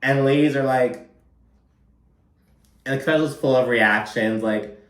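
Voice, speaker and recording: Brief: man, mid-pitched, chatty profane recap commentary, recorded a bit off-mic in an echoey room. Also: moderate pace, long pauses, a bit bright. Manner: gossipy, profane, frequent "like" fillers. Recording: roomy, distant from mic.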